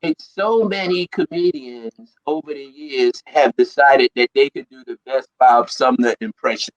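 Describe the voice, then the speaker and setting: A middle-aged man from New Jersey, an animated storyteller in casual chat who laughs often. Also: medium pitch, a little slow, highs cut off. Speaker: guest.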